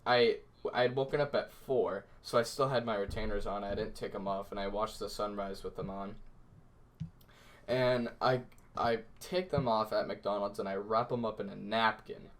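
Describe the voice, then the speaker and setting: A man's voice: on the low side, moderate pace. Young man telling a story animatedly. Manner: animated storytelling, acts out shouts and quotes. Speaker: podcast host. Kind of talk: casual chat with friends.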